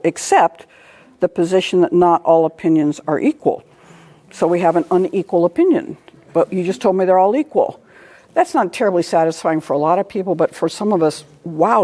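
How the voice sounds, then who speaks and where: A woman's voice: fairly low pitch, mellow. A middle-aged woman giving a lecture in a conversational way, telling stories, laughing at her own anecdotes and often asking "all right?". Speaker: speaker giving a talk.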